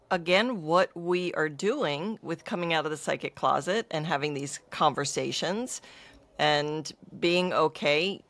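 Low-voiced woman host in a dry room. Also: fairly bright tone, no room sound. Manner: reflective, affirming, talks in long spiritual musings. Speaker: podcast host. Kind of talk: casual interview chat.

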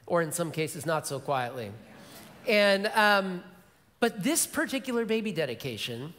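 Middle-aged pastor, echoing church hall. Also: male voice. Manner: storytelling, drops to a soft, low voice for emphasis; repeats key phrases. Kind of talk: sermon. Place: large church sanctuary. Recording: long church hall reverb.

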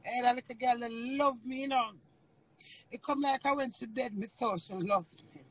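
A woman's voice: fairly high pitch, fairly even intonation, moderate pace, breathy edge, rough recording. A Jamaican woman livestreaming, talking in a raw, tearful way and swearing freely. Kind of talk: emotional casual monologue.

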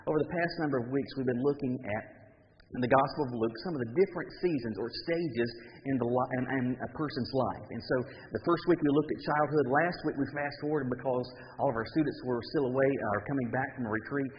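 A man's voice: medium pitch, quick pace, big-room sound, muffled recording, slight background noise. A man preaching a sermon as pastor, telling humorous stories in a folksy way with many fillers and repeats. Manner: folksy, humorous storytelling with frequent fillers and repetition. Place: church sanctuary.

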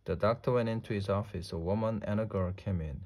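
A man reading a children's storybook aloud slowly and deliberately, with small slips. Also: on the low side, darkish tone. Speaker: storybook reader. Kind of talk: read-aloud storybook narration.

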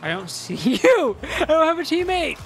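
Giggly gamer man, casual play chat, high bright voice, drawled delivery. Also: normal speed, a little hiss or hum. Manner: giggly, excitable, frequent yelps.

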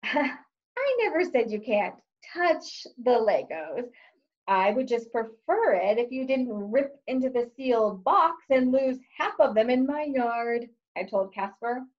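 A woman's voice: on the high side, big pitch swings, slow, highs cut off. A woman reading her own book aloud in a wry, sarcastic, exasperated tone. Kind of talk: audiobook-style reading.

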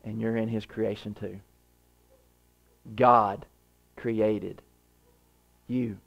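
A man in his thirties preaching a sermon as pastor, earnest, with repeated phrases, swinging from hushed to emphatic. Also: lowish voice, level tone, extremely slow, creaky.

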